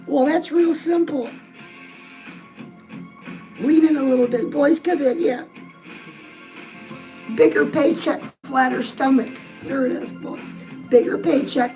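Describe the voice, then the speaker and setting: A high-pitched woman coaching her followers on dating, chatty and sassy, calling them "girls". Clear music plays under her voice throughout. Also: darkish tone, low-quality recording. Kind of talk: direct-address advice talk. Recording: music playing behind the voice.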